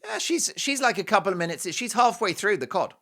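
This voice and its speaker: A man's voice: sits high, a little fast, gravelly. A man with an English accent, hosting a commentary show and telling a story with playful asides. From England. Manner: animated and playful, with mocking asides and quoted voices. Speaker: show host.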